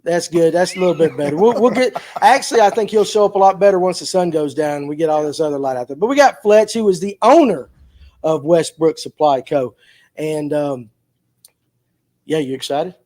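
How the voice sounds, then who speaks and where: A man's voice: a little high, animated, brisk, a little mellow. A man hosting a casual fishing talk show, loose and joking as he introduces his guests. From Georgia, USA. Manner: loose, joking, fumbling through technical hiccups. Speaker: podcast host. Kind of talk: casual chat.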